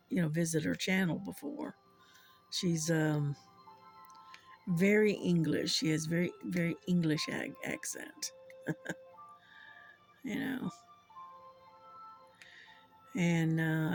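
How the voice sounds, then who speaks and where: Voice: medium pitch, fairly even intonation, faint music behind. An older host with a Southern US accent, telling rambling stories in casual chat and chuckling often. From Southern United States. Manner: rambling, unhurried storytelling with frequent chuckles. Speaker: channel host.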